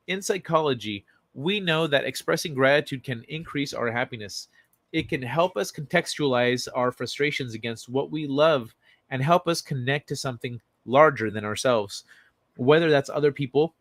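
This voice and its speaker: A male streamer talks through articles and viewer messages in a loose, unpolished way, with restarts and casual cursing along the way. His voice sits at an ordinary middle pitch for a man. The recording is close and dry, with no room echo. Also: a bit bright. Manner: loose and conversational, casual swearing, frequent fillers and restarts. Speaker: livestream host. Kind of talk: casual livestream chat, reading articles and chat aloud.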